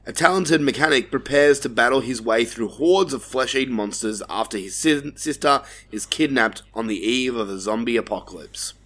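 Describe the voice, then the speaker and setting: A man's voice: mid-range voice, moderate pace, hardly any pauses, fairly bright tone. A man with an Australian accent, hosting a casual film review chat and swearing freely as he talks. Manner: laid-back, swears freely, frequent restarts. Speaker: podcast host.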